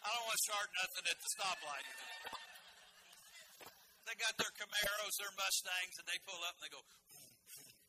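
A male pastor with a fairly high voice preaches in a loose, folksy way, breaking into joking asides and stumbling over restarts. The room behind him carries a clear hum of background noise. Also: normal speed, long pauses. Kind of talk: sermon.

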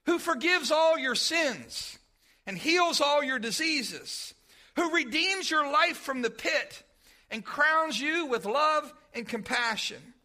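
A man preaching at a church service with a strikingly high voice. His tone is very bright and forceful. He leans hard on key words, drawing them out slowly, then slips into playful asides. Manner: emphatic preaching with slow drawn-out stresses and playful asides. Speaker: pastor. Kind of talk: sermon.

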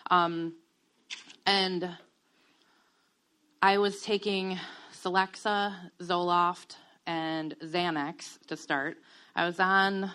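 Candid woman with a lowish voice. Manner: candid and reflective, many ums, soft laughs. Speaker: guest sharing a testimony. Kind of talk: personal testimony, casual.

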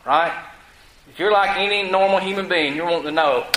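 Male pastor mid-sermon: high, bright voice, asks and answers his own questions, reverberant room. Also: fairly quick.

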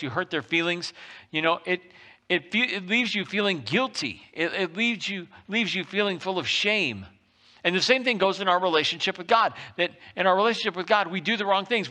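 A man's voice: sits high, bright, forceful tone. A man preaching a sermon in a church worship center, emphatic and repetitive, stretching out key phrases. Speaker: pastor.

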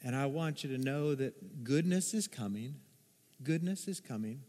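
A man preaching a sermon as pastor, telling stories with animated acted-out voices. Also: mid-range voice, normal speed. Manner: animated storytelling, acts out voices in quotes. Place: church sanctuary. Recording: long hall reverb.

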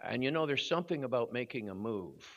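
An older man preaching at a youth service, telling a story with growing drama and shouting at its peak. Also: mid-range voice, fast talker. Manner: animated storyteller, voice rising to shouts at the climax. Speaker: guest preacher. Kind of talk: storytelling sermon. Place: church hall at a youth service. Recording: dull lo-fi recording.

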